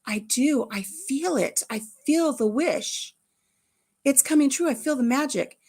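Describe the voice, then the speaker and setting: A woman voicing a grandfather who plays along, speaking slowly with hushed wonder. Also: high-pitched, animated, pitched above the performer's own voice. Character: grandfather playing along, gently mysterious.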